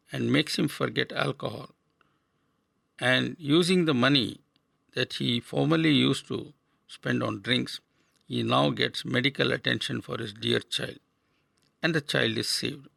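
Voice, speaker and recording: An older man from India giving a scripted spiritual radio talk in a measured, earnest way, asking rhetorical questions. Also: mid-range voice, creaky, fairly bright tone, dry recording. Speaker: radio speaker.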